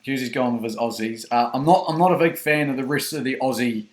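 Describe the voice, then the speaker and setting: A man's voice: mid-range voice, fast. A man hosting a casual fantasy draft chat, hesitant and repeating words as he explains his picks. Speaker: host.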